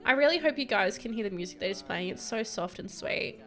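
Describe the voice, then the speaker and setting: A young woman provides casual, giggly let's play commentary, gushing and getting easily moved by the game's sweet moments while faint game music plays behind her. Her mid-range voice is animated and a little fast.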